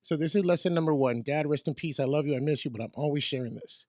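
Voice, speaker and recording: A man in his forties telling stories in a casual podcast interview, animated and acting out quotes in different voices. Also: a little high, fast, no echo, studio quality. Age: 40s. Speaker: radio DJ guest. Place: podcast studio.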